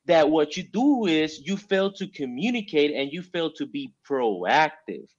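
A man's voice: fairly high pitch, very animated, unhurried, muffled recording. A man, a Marine and former recruiter, explaining his point in casual chat, stressing words and checking in with "right?".

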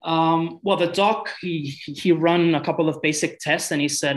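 A man from Europe, a guest telling a story in a casual, halting way, often repeating words and restarting. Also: on the high side, fairly even intonation, low-quality recording.

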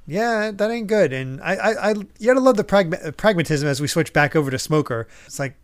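A podcast host with a high, animated voice talks briskly, barely pausing. He chats casually about a comic, laughing often and quoting its characters with lots of energy.

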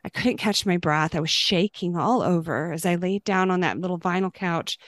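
A woman's voice: on the low side, moderate pace, no room sound, clean studio sound. Earnest middle-aged woman sharing her faith. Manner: earnest and gentle, dropping to a soft hush on prayers. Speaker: Christian speaker sharing her testimony. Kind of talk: personal faith testimony.

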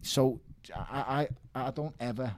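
A man's voice: mid-range voice, a little slow, no room sound, studio quality. A man, talking emphatically in a casual interview, repeating himself and calling people mate. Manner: emphatic, repeats words, calls listener mate. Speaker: professional boxer, guest.

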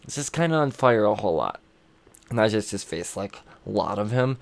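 A man with a somewhat low voice talks through comic book plots in a loose, rambling way. He swears constantly and stumbles over fillers and restarts as he goes. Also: animated, moderate pace, gravelly. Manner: rambling, profane, with frequent fillers. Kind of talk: casual comic book recap.

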